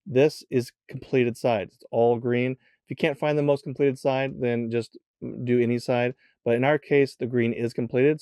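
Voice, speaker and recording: A man's voice: mid-range voice, dark tone, no echo, studio quality. A man hosting a step-by-step puzzle tutorial in a casual way, counting the moves aloud as he demonstrates them. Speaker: tutorial host.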